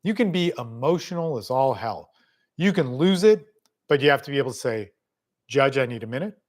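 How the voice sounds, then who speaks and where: A man's voice: medium pitch, expressive, brisk. A middle-aged man coaching people on family court in a blunt, casual spoken lesson, swearing freely and talking straight to the listener.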